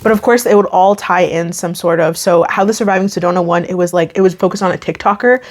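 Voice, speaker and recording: A woman's voice: fairly low pitch, steady tone, quick pace. A young woman YouTube creator chatting casually to camera, emphatic and often restarting her sentences. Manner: chatty, emphatic, self-interrupting.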